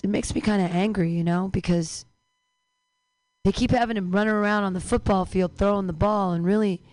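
A woman comedian doing stand-up, offhand and deadpan. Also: medium pitch, no echo.

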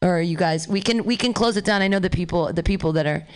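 A woman's voice: lowish voice, fast talker. A woman hosting a comedy open mic, loosely joking and teasing the comics as she brings the next one up.

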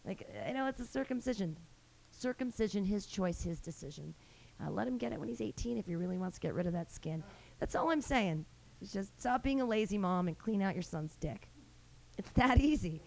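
A woman's voice: medium pitch, lively intonation, a little fast, creaky, a little mellow. Brash, rambling woman doing stand-up. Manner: rambling, brash, self-mocking, with frequent fillers and restarts. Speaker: comedy host and stand-up comic. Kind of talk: stand-up comedy set. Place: small room at a live comedy show.

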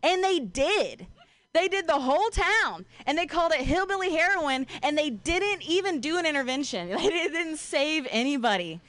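A young woman from Ohio working through a stand-up set in a voice pitched a little high. She talks casually and swears freely, keeps a deadpan tone and laughs at her own lines. The sound is close and dry, with almost no room around it. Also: normal speed, no room sound. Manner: casual, profane, deadpan delivery with frequent laughs. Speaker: stand-up comedian.

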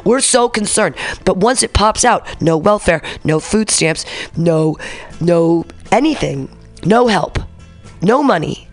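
A man's voice: high-pitched, lively intonation, slow pace, soft background music. A man hosting a radio show, reading news items and ranting about them in a sarcastic, profane way.

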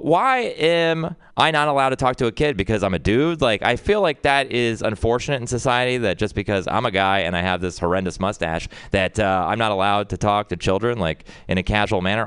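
A man's voice: a bit bright, smooth, dry recording, studio quality. Rambling self-mocking stand-up man. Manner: rambling, self-deprecating, jumps pitch for punchlines. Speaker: stand-up comedian. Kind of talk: open mic stand-up set.

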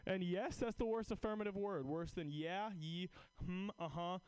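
A man's voice: sits high, moderate pace, a little mellow, clear, resonant tone, low-quality recording. Guy comic doing standup, swears a lot, rambly, lots of likes and ums. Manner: profane, rambling, filler-heavy. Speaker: stand-up comedian. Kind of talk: stand-up set, then feedback chat.

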